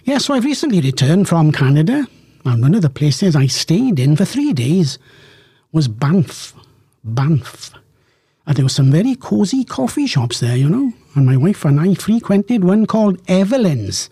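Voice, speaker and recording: A man's voice: high-pitched, sing-song, moderate pace, dark tone, breathy edge, no room sound. A man presenting a live radio show in a studio, chatting jovially with rambling, self-mocking asides. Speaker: radio host. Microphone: studio microphone.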